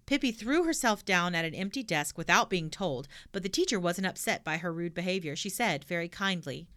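A woman reading a children's storybook aloud with an expressive delivery. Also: fairly low pitch, fairly quick, hardly any pauses.

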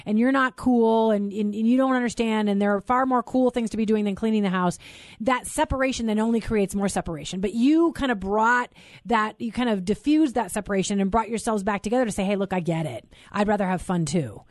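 Chatty middle-aged woman host, slightly high. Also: brisk, no echo, studio quality. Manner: chatty, affirming. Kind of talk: casual chat.

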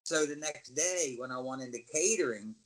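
A middle-aged former wrestler, appearing as an interview guest, swaps backstage stories in casual chat, his voice a little high and his pace normal. He's an animated storyteller who acts out the voices of the people involved and yells at times. The audio quality is poor.

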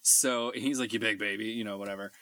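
A man co-hosting a podcast from Texas, chatting casually and telling animated stories with frequent laughs. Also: lowish voice, brisk. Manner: animated storyteller, laughs often. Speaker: podcast co-host. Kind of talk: casual chat.

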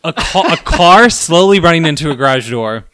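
A man hosting a casual podcast, telling a story in an animated way and acting out his own shouts. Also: on the high side, moderate pace, no echo, studio quality. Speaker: podcast host.

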